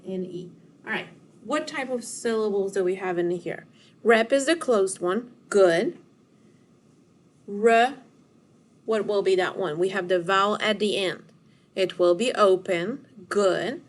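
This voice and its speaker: A woman teacher leads a recorded word study lesson for young children in a voice of ordinary pitch. She speaks slowly and deliberately, stretching words and breaking them into syllables while praising the listener. A faint hiss of background noise sits under her voice. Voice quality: slow, deliberate classroom delivery, stretching out words. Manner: encouraging, sounding words out syllable by syllable.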